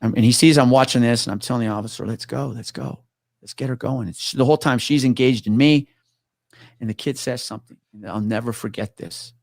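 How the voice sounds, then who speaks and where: A gravelly, medium-pitched male voice moves briskly through a story told in casual conversation. He swears freely and acts out the voices of the characters, and the studio-quality recording is dry.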